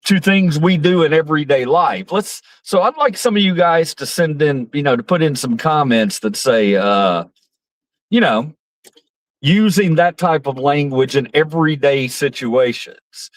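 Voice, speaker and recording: A man's voice: a little high, measured pace, no room sound. A man giving casual, rambling political commentary on his stream, profane and mocking, with frequent restarts.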